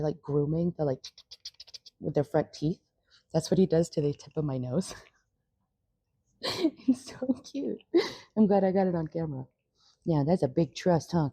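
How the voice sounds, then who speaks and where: A woman's voice: low-pitched, warm tone, breathy edge, no room sound. A young woman chatting casually in a vlog, rambling and swearing freely. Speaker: vlogger. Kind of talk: casual chat.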